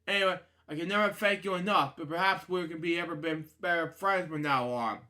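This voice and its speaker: Storybook prince, man reading, bright, plain, grateful. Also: fairly high pitch, fairly quick. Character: young prince freed from a frog spell.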